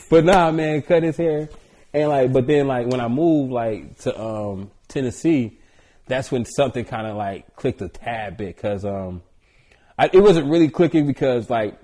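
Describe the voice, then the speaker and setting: A man from Georgia, a barber and podcast guest, telling stories in an animated, joking, slangy way. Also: mid-range voice, measured pace. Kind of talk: casual storytelling.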